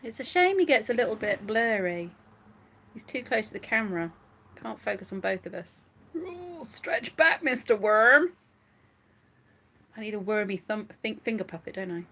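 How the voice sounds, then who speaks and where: A woman's voice: medium pitch, expressive, a little fast. A woman vlogging casually from bed at home, giggly and rambling as she chats to her viewers. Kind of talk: casual live chat to viewers.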